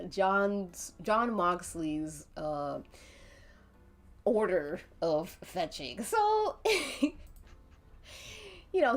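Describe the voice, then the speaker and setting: A woman narrating a tabletop game as game master on a live stream, giggling often between lines. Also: medium pitch. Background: faint background music.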